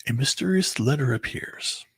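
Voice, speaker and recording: Husky gravelly man recounting a breakup. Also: medium pitch, lively intonation, no echo. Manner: halting and rambling, heavy filler words, bitter. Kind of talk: emotional personal storytelling.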